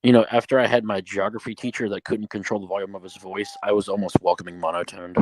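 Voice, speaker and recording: A man co-hosting a casual sports podcast, halting and searching for words with ums. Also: lowish voice, flat delivery, poor audio.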